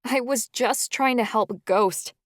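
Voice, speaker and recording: A woman's voice: on the low side, lively intonation, normal speed, dry recording, clean studio sound, natural voice. A woman voicing a young heroine who pleads insistently in a raised voice in an audiobook. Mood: pleading.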